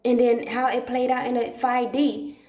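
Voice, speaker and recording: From a dark room at home, this woman hosts a livestream in a fairly high, flat-pitched voice at normal speed, a little mellow and roomy. Her casual monologue wanders, full of profanity and emphatic repetition.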